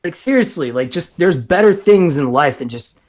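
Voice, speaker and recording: Animated young man telling stories. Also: on the high side, moderate pace. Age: 20s. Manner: animated storyteller, acts out quotes, swears. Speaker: podcast co-host, voice actor. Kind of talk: casual chat, storytelling.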